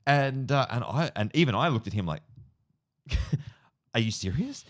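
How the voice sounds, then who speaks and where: With a medium-pitched, sing-song voice at a measured pace, an Australian man in his forties co-hosts a podcast and rambles through a long, reflective story full of fillers. The casual chat is captured in clean studio sound with no echo.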